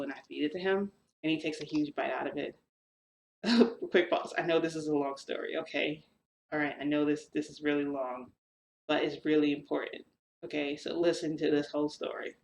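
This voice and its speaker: A young woman with a low voice tells a long story to her channel in a chatty, animated way. She acts out the lines of the people in it. The room around her sounds echoey. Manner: chatty, animated retelling with quoted dialogue. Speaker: vlogger telling a shifting story. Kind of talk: casual storytelling.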